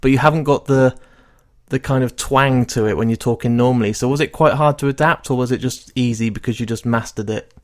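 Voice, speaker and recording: A man's voice: mid-range voice, fairly even intonation, a little fast. A man hosting a podcast, effusive and eager, interviewing a guest and wrapping up the episode. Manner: enthusiastic, effusive. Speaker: podcast host. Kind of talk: interview and outro talk.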